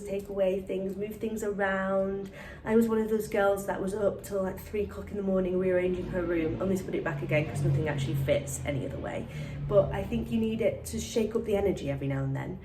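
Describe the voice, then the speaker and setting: A woman's voice: medium pitch, fairly even intonation, a little fast, background noise. A woman chatting casually to her viewers as she tours her apartment in a vlog. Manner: chatty, upbeat, addresses viewers directly. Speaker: lifestyle vlogger. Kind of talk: casual home-tour vlog.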